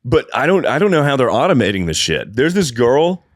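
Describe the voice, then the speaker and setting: A man's voice: medium pitch, very animated, a little fast, no room sound, studio quality. A man co-hosting a comedy podcast, talking in a rambling, profane way and going off on tangents. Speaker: podcast co-host. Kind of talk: casual comedy podcast chat.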